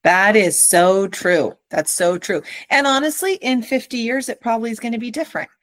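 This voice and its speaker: A middle-aged woman host and mother of five, talking in an animated, quick, rambling way in casual chat. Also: fairly high pitch, no echo.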